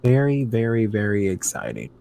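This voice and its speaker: Animated ranting man. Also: lowish voice, moderate pace, creaky. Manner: animated, ranting, swears freely. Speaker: podcast co-host. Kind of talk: casual chat.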